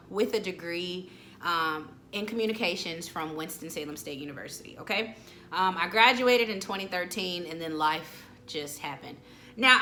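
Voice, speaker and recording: A woman's voice: on the low side, bright, forceful tone. A woman in her late twenties talking candidly and chattily to her viewers in a casual motivational vlog. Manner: candid, chatty, addresses viewers directly as "y'all". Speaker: vlogger, motivational talk host. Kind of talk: casual motivational talk to camera.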